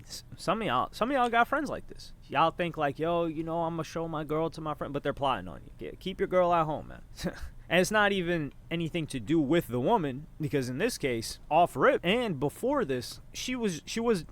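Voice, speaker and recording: A man's voice: fairly high pitch, very animated, normal speed, a bit bright. A man hosting a casual reaction stream, reading out text messages and mocking them in slangy, incredulous commentary.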